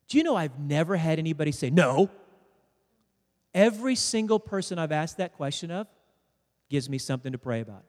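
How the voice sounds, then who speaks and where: Speaking with a slightly high, darkish voice, a pastor tells a story and jokes with his congregation during a sermon. The church sanctuary he preaches in has a long reverb.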